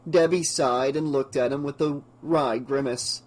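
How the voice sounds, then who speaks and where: A man narrating an audiobook with a steady, measured reading. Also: medium pitch. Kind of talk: scripted narration.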